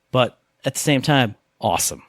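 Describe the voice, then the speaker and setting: A man co-hosting a gaming podcast, chatting casually and rambling excitedly through stories. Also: mid-range voice, dry recording, clean studio sound. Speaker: podcast co-host.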